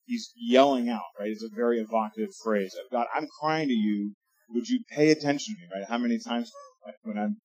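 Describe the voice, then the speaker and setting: A man's voice: medium pitch, moderate pace, a little mellow, low-quality recording. A man preaching a sermon in a conversational way that rises to emphatic readings of scripture. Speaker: pastor.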